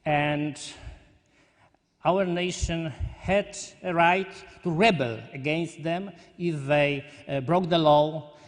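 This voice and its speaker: Polish man giving a halting hall speech. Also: a little high, steady tone. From Poland. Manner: halting, searching for words, earnest. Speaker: conference delegate speaker. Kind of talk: conference speech. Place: large conference hall. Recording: long hall reverb.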